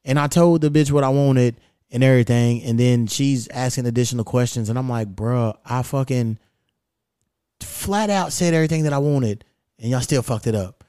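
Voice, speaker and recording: A man hosting a podcast, telling stories in a profane, animated way with quoted back-and-forth. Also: mid-range voice, moderate pace, clean tone, no room sound, clean studio sound. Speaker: podcast host. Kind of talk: casual chat, storytelling.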